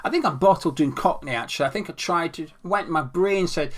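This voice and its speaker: A man's voice: on the high side, brisk, hardly any pauses. A young man hosting a casual football fan show, playful and self-mocking as he talks through club news. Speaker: fan channel host.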